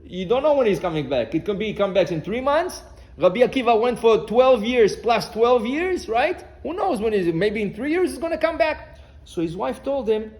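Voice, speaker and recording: A man teaching as a rabbi, telling stories with animated, acted-out dialogue, mixing English with Hebrew phrases. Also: sits high, normal speed. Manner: animated storyteller acting out dialogue, frequent restarts. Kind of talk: Torah class storytelling.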